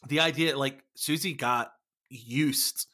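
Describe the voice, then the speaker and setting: A man's voice: mid-range voice, slow, sharp tone. A man, a former band member, chatting casually on a podcast, swearing often and calling people man and dude. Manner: laid-back, swears often, says man and dude a lot.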